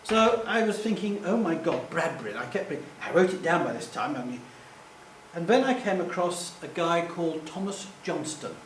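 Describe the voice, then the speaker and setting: Slightly high and expressive, a middle-aged man talks at normal speed with slight background noise, recorded by a distant mic in an echoey room. Speaking publicly to a live audience, he tells anecdotes in a chatty, self-mocking way, tripping over names, laughing at himself and imitating quoted voices.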